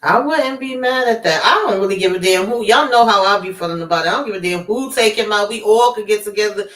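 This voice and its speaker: A woman co-hosting a casual TV recap, emphatic and quick to laugh, with frequent mm-hmms. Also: medium pitch, a bit bright, reverberant, distant mic, poor audio. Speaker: co-host.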